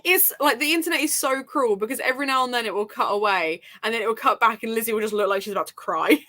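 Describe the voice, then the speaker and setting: A woman's voice: fairly high pitch, fast, bright, forceful tone. A woman hosting a casual book discussion over a video call, chatty and laughing often. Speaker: book club host.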